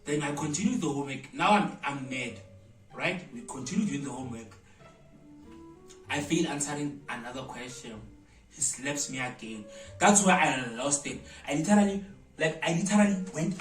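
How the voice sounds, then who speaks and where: A South African man spins a dramatic story, bursting into loud exclamations. His voice sits a touch high and sounds echoey, as if he is standing back from the mic. Faint music plays underneath. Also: fairly quick, far from the mic. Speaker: vlogger. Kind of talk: storytime vlog. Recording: roomy echo, voice away from mic, faint music.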